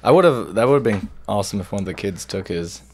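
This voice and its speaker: A man's voice: on the low side, lively intonation, a little fast, slight background noise. A man co-hosting a podcast, laid-back, swearing and telling a story from his childhood. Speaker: podcast co-host. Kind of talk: casual podcast chat.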